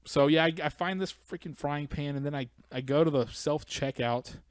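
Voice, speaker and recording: A man's voice: a little high, normal speed, clear, resonant tone, no room sound, studio quality. A man co-hosting a podcast, telling a story in casual chat and acting out the people in it. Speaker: podcast co-host.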